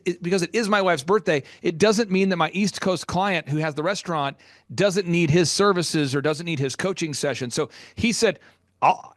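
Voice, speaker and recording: A middle-aged man, a business coach guest, telling stories with passion and sometimes getting loud. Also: high voice, no room sound, studio quality. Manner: passionate, loud at times, rapid storytelling. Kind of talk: energetic storytelling interview.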